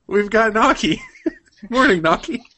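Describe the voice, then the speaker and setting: A man's voice: high-pitched, expressive, a little slow, pushed and bright, slightly rough. Male podcast host, chatty and upbeat, laughs a lot, webcam mic. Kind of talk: casual podcast chat. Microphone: webcam microphone.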